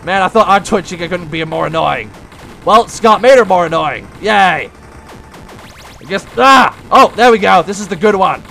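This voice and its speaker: A young man giving casual gameplay commentary, breaking into frustrated, yelling outbursts at the game. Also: sits high, unhurried, gravelly, soft background music. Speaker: let's play gamer.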